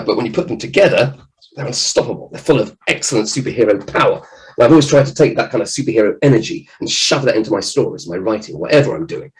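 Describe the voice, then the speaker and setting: A man, a children's author, giving a lively, jokey talk to children at an event. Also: mid-range voice, poor audio. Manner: animated, jokey, acts out scared voices.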